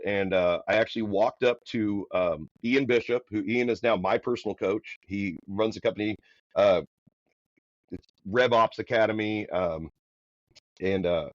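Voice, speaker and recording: A man from the Midwest, a podcast guest, telling a story in a loud, energetic, casual way. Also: on the low side, normal speed, dry recording. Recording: dull, dry podcast audio.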